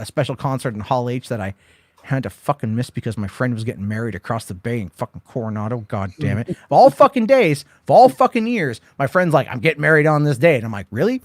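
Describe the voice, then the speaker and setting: A man's voice: medium pitch, dry recording, studio quality. A man hosting a casual late-night movie chat, rambling through stories with lots of swearing and acted-out quotes. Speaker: host.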